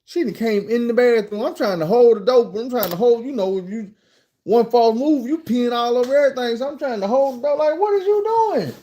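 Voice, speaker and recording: A man with a Southern American accent telling a casual, profane storytime monologue in an animated, conversational way. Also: extremely high pitch, brisk, slight background noise. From Arkansas, USA.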